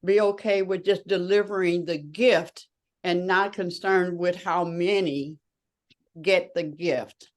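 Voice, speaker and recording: A woman co-hosting a group talk, reflecting aloud in a halting way and searching for her words. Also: fairly low pitch, fairly even intonation. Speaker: co-host.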